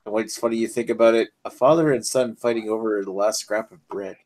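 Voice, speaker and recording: A man's voice: on the low side, fairly even intonation, a little fast, darkish tone. A man teasing and joking with friends during a party card game. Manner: jokey, teasing. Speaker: player. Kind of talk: casual gaming chat.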